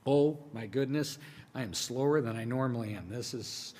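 Speaking at a medium pitch, a male pastor preaches to his congregation as if talking to a friend, sliding between slow, hushed phrases and excited, emphatic lines. The long reverb of a large church sanctuary surrounds his voice, with slight background noise.

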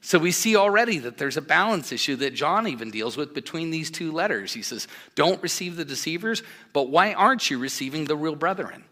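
A man's voice: on the high side, expressive, a little fast, hardly any pauses, sharp tone. A man preaching a sermon, earnest and emphatic, with conversational asides to the congregation. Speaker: pastor.

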